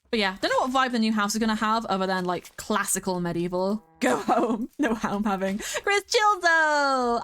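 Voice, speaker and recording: A young British woman streaming a game, chatting casually, rambling and giggling as she talks. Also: mid-range voice. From Britain. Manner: sings along to music at times.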